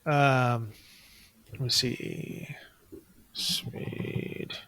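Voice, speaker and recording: A man's voice: medium pitch, steady tone, extremely slow, a bit bright. A man guesting on a podcast, telling a long story in a rambling, profane and indignant way. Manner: heated, indignant. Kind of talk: casual podcast conversation.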